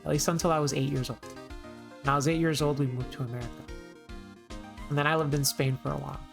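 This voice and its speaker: A woman's voice: sits low, fairly even intonation, fast talker, gravelly. Casual woman streamer, sick. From Colombia. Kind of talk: game playthrough reading aloud. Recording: game music underneath.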